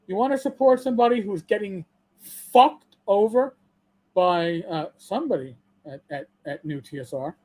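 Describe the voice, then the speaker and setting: A man's voice: high voice, darkish tone. Worked-up man ranting on his podcast. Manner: profane, repeats himself when angry; stammering restarts. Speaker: channel host. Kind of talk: heated podcast rant.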